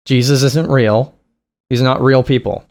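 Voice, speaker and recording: A man's voice: mid-range voice, steady tone, normal speed, vocal fry, darkish tone. A man giving casual, crude, mocking reaction commentary with frequent laughing asides.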